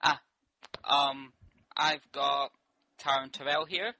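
Comedian doing a bright, steady-pitched Scottish wrestler impression, rambling braggart, stop-start delivery. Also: male voice, takes it slowly, heavily acted. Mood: boastful. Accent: attempted Scottish.

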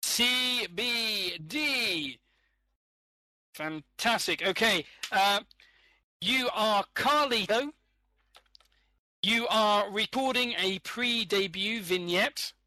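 A man's voice: sits high, slow, pushed and bright, no room sound. Chatty, laughing male game host. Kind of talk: casual online game show hosting.

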